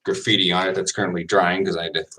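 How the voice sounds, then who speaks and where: A man's voice: deep voice, flat delivery, racing, background noise. Laid-back chatty man, laughing often. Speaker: football player chatting with viewers on stream. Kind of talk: casual livestream chat, answering comments.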